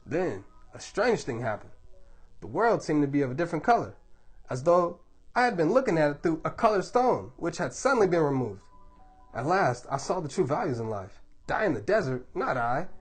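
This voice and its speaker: A father reads an old story aloud to his baby in a husky, slightly high voice. His telling is measured and dramatic, with sweeping rises on the big moments. Quiet music plays softly in the background. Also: sing-song. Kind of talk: reading a book aloud.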